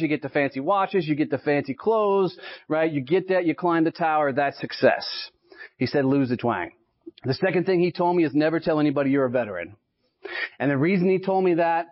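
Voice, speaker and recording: A man in his late thirties with a Texan accent, giving a motivational sales talk to a live audience in punchy stories and often asking "right?". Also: fairly high pitch. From Texas. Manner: punchy storytelling, keeps checking in with "right?". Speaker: sales speaker. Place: association meeting in front of an audience. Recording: dull lo-fi live speech recording.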